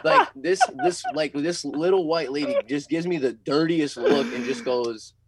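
A man from South America, co-hosting a casual chat and telling a rambling, animated story. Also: fairly high pitch, normal speed, noisy background. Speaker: co-host.

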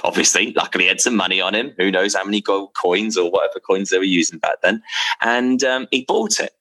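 Man, low-pitched, lively pitch, excitable, rambling storyteller. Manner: rambling, excitable, many restarts and fillers. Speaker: drinks brand founder. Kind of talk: casual storytelling to camera.

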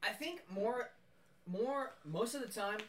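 A man's voice: high voice, expressive, slow, a bit bright, slight background noise. A young man in casual podcast chat, earnestly thinking aloud. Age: young adult. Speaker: podcast co-host. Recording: echoey room, far from mic.

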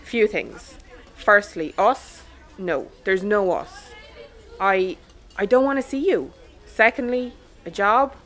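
A woman's voice: medium pitch, slow pace. A woman with an Irish accent playing an irritable, blunt space fleet commander who swears freely. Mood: irritated. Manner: sharp, exasperated, swears freely. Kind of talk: audio drama acting.

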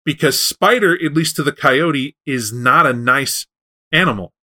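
Brief: man with a bright, bold voice, spinning a tale in easy chat. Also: medium pitch, a little slow. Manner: animated, loose, self-correcting. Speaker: storyteller. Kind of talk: casual spoken storytelling.

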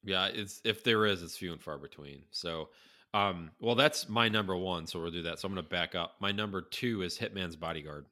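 A man with a deep voice and a bright, pushing tone talks loosely on a podcast. He rambles, swears freely and bursts into lively impressions when he quotes someone. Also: a little fast. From North Carolina. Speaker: podcast co-host. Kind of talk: casual chat.

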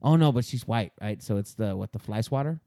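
A man riffs through crude podcast banter, tripping over his own restarts as he swears his way through the bit. His pitch leaps around expressively, and the sound is dry and close. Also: animated, fairly quick, mellow, dry recording. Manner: profane, riffing, stammering restarts. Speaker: podcast co-host.

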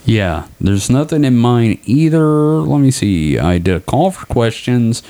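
A man's voice: medium pitch, very animated, a little slow, dark tone. A young man co-hosting a casual podcast, loose and profane, joking with his co-host.

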